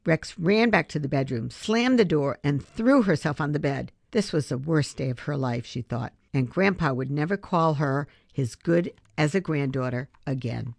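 A woman reading a children's chapter book aloud in a steady, expressive way. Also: sits low, moderate pace, vocal fry, few pauses, no echo. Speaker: storybook reader.

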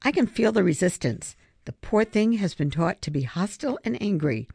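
Reader doing a earnest animal-loving schoolgirl, raised pitch, gravelly edge, lively swings. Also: moderate pace, no echo, studio quality, heavily acted. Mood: coaxing. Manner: earnest, insistent. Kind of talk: audiobook character reading.

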